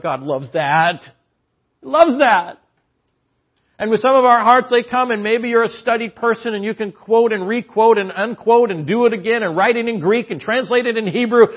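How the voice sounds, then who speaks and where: A man preaching a conversational sermon in church, animated, swinging between loud exclamations and hushed asides. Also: sits high. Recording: dull lo-fi audio.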